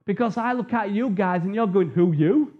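Male preacher, light high voice, jokey storytelling sermon, muffled lo-fi sound. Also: a little fast. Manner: chatty, jokey, tells personal stories. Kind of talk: informal sermon. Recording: dull lo-fi recording.

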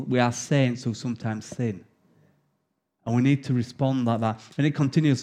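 A man with an English accent preaching a sermon, telling stories with laughter and reading scripture earnestly. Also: mid-range voice. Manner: anecdotal storytelling, animated and laughing.

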